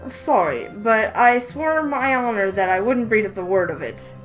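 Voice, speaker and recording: A woman's voice: mid-range voice, animated, unhurried, faint music behind, lightly acted, poor audio. A woman reading the lines of a tight-lipped game character sworn to secrecy, with curt, firm refusals.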